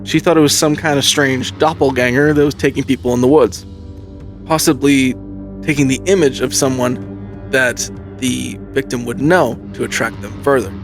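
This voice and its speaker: A male podcast host telling an eerie true story in a casual, animated way, building suspense with pauses. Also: medium pitch, faint music behind.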